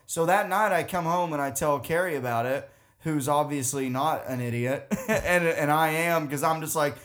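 A man's voice: fairly high pitch, moderate pace, a bit bright. Rambling Southern man laughing a lot. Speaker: podcast co-host. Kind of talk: casual chat.

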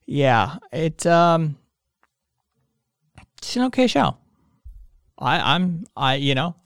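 A man's voice: a little high, clear, resonant tone, no echo, studio quality. A man hosting a casual solo podcast, rambling and tired, with lots of fillers, restarts and casual swearing. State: tired, yawning. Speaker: podcast host.

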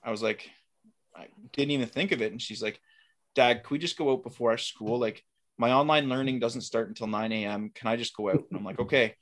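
A middle-aged guest casually tells a hunting story, animatedly acting out the characters' dialogue in quotes. His voice is mid-range and a little fast.

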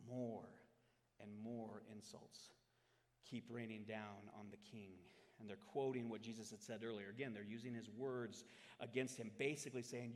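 A man preaching a sermon to a congregation, swinging from loud, dramatic scripture readings to quiet, reflective asides. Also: on the low side, fairly even intonation, moderate pace. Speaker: pastor. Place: church hall. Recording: long hall reverb. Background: congregation in the room.

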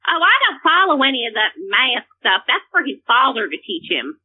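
A woman's voice: fairly high pitch, very animated, brisk, slight background noise. A woman calling in to a comedy show and ranting indignantly, talking over the host. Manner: brash, indignant, talks over others. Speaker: caller. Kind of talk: comedic call-in rant. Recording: phone line.

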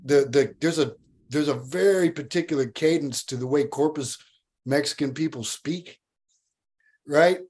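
A man with a fairly high, husky voice talks as a podcast guest. He chats loosely, swears freely and laughs easily. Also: a little slow. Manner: relaxed, profane, laughs easily. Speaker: guest, voice actor. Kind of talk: casual podcast chat.

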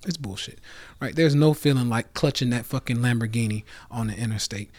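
A man's voice: mid-range voice, fairly quick, darkish tone. A man in his thirties, hosting a live motivational rant from home on a phone, brash and profane, calling out to his audience and sometimes dropping to a whisper. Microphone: phone on a live stream.

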